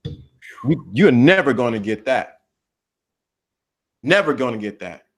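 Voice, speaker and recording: A man's voice: mid-range voice, sing-song, slow pace. A man co-hosting a podcast, talking in an emphatic, preachy way. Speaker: podcast co-host. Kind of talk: casual podcast talk.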